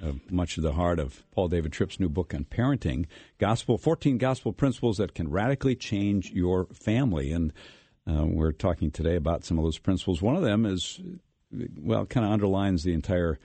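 A man with a very low, mellow voice hosts a radio interview. He asks his questions in a measured way and pauses with fillers. The sound is dry and close, with no room around it. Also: expressive, breathy edge, dry recording. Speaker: radio host.

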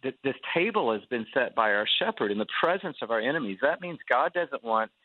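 A man who is a pastor and guest tells a story in an animated preaching style and acts out the quotes, heard over a tinny phone line. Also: medium pitch, a little fast, no echo.

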